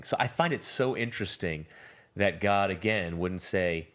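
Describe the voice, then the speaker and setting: A man with a fairly low voice talks thoughtfully on a podcast. He retells passages and stories to make his point, at a measured pace. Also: fairly bright tone. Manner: reflective, storytelling, quotes passages in measured voice. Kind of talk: casual podcast discussion.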